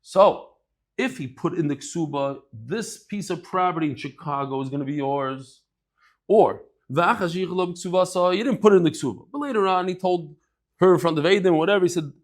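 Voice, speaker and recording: A man giving a daily Talmud lecture, conversational and lively, acting out bits of dialogue as he explains with everyday examples. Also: sits high. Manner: lively, acts out dialogue in quick asides. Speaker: Talmud teacher.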